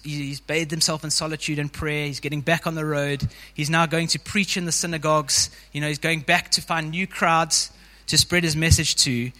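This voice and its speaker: Bright-voiced man preaching in a reverberant hall. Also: on the high side, level tone, normal speed. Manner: informal, frequent "you know" fillers. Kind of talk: conversational sermon.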